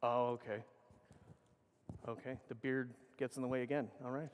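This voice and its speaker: A man's voice: medium pitch, level tone, normal speed, slight background noise. Middle-aged man rambling on stage in echoing hall. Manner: casual, profane, rambling with self-corrections. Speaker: conference speaker. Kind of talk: anecdotal conference talk. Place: large conference hall. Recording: reverberant conference hall.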